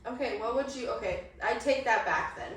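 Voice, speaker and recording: A woman's voice: a little high, animated, a little fast, a bit bright. A young woman co-hosting a podcast, chatting casually, blunt and swearing freely, often laughing. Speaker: podcast co-host. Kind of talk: casual chat. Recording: echoey room, mic at a distance, faint noise.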